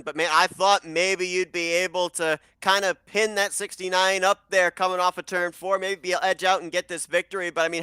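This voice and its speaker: A man hosting a race broadcast as lead commentator, excitable and breathless as he runs down the results. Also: sits high, smooth, dry recording. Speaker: lead sim racing commentator.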